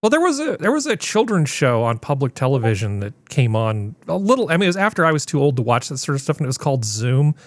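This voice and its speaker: A man's voice: medium pitch, big pitch swings, quick pace, hardly any pauses, no room sound, studio quality. A man hosting a casual panel chat over a video call, rambling with wry asides. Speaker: host.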